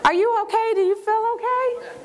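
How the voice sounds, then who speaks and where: A woman's voice: very high-pitched, moderate pace, a faint crowd, voice pushed up. A woman voicing her startled, skeptical girlfriend, with an incredulous, questioning manner.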